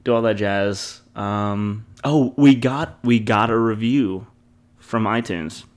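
A man's voice: fairly low pitch, slow. A young man co-hosting a sports podcast in casual, rambling chat, laughing often. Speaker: podcast co-host.

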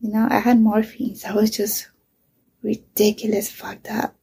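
A woman's voice: medium pitch, little pitch movement, moderate pace, vocal fry, warm tone, slightly rough. A middle-aged woman, a mother, candidly telling a painful personal story, swearing often and sometimes dropping to a whisper.

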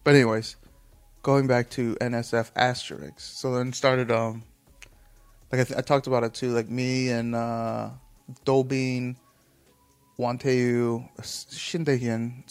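A man talks in a casual, unscripted monologue at an ordinary middle pitch. He rambles, swears freely and often stops mid-phrase to restart. He chuckles through the telling. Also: vocal fry.

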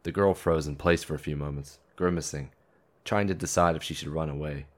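Male narrator, extremely deep, measured scripted delivery. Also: steady tone. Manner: measured storytelling.

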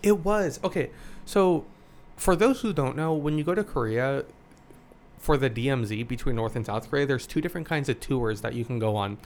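A man co-hosting a casual podcast, telling stories with lively acted-out quotes. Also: medium pitch, moderate pace, slight background noise. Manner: animated storyteller, acts out quotes. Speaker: podcast co-host. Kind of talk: casual chat.

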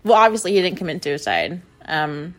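A young woman vlogger telling a personal story in a rambling, casual way, filling every pause with "like" and speaking bluntly with plenty of swearing. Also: low voice, big pitch swings, fairly bright tone, soft background music. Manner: rambling, heavy use of "like", blunt and profane.

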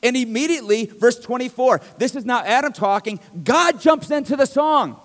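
A man's voice: very high voice, moderate pace, in a large hall. A middle-aged male pastor preaching a sermon in a conversational, joking way that rises to emphatic bursts, in a church. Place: church sanctuary.

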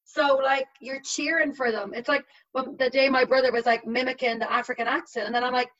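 A woman's voice: sits high, steady tone, a little fast, fairly bright tone. A young woman in her twenties talking casually as a guest, full of fillers. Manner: chatty, uses many fillers. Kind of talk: casual conversation. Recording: slightly dull lo-fi sound.

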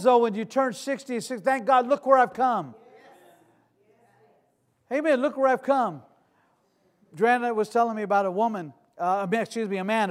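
A man in his sixties, a pastor preaching a sermon with humor and asides, swinging from loud declarations to hushed storytelling. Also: high-pitched. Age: 60s.

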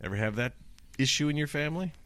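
A man co-hosting a talk podcast, joking with his partner, plugging the show and reading a Bible passage slowly. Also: on the high side, lively intonation, a bit bright, smooth, no room sound. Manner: jokey, plugs the show, reads verses slowly. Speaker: podcast co-host. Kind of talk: casual chat and scripture reading.

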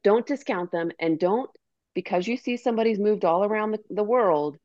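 A woman's voice: mid-range voice, normal speed, darkish tone, dry recording, highs cut off. A woman hosting a podcast, closing the interview with earnest thanks and appeals to listeners. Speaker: podcast host.

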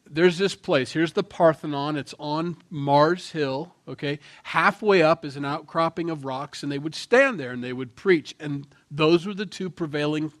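A man preaching a sermon in a conversational tone, swinging between loud emphasis and quiet asides. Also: on the high side, normal speed, hardly any pauses. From Norwegian heritage. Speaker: pastor.

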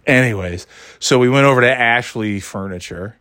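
A man's voice: medium pitch, moderate pace, bright, forceful tone, no room sound, studio quality. A man telling a rambling, profane story in a casual, exasperated way, laughing as he goes.

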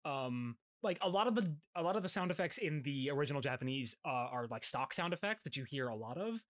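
A man's voice: on the high side, animated, brisk, fairly bright tone. A man hosting a podcast, recapping an episode in casual chat, rambling with many fillers and restarts.

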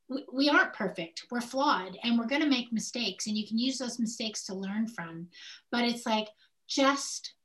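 An older woman co-hosting a candid podcast conversation, telling personal stories in an animated way and acting out what people said. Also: a little high. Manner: animated storyteller who acts out quoted speech. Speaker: podcast co-host.

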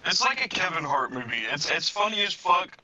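A young man co-hosting a podcast, telling a story in casual chat with blunt, deadpan, profane delivery. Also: high voice, fairly quick, dull audio. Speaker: podcast co-host.

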